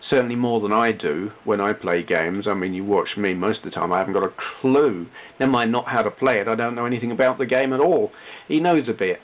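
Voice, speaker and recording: A man's voice: lowish voice, quick pace. Rambling man on a lo-fi vlog. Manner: rambling, self-deprecating, frequent restarts. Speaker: retro gaming YouTuber. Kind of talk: casual vlog chat to camera.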